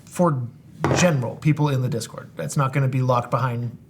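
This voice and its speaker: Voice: medium pitch, brisk. Rambling co-host over a noisy background. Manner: rambling with many fillers. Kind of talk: casual chat.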